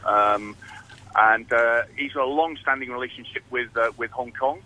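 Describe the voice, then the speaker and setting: A man's voice: medium pitch, normal speed, bright, forceful tone, rough recording. A man talking casually as a guest on a morning radio show, hesitant with many fillers and restarts. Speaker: rugby guest.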